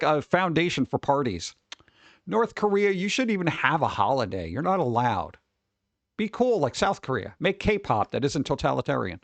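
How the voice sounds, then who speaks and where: A man's voice: fairly high pitch, vocal fry, no room sound. A man streaming live, reading holidays aloud and cracking jokes in a casual, playful way. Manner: joking, playful, riffing.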